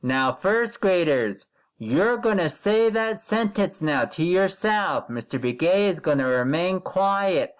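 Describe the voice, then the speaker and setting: A man teaching a recorded first-grade reading lesson, giving deliberate, repeated directions and drawing words out slowly when he models a sentence. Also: sits high, lively intonation. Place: recording at a computer while sharing the screen.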